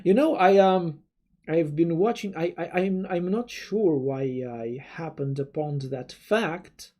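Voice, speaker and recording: In a slow, mellow mid-range voice with lively intonation, a young adult streamer reads chat and chats aimlessly with viewers. Their first language is Russian, and the casual stream talk is full of stammering restarts and throwaway swearing.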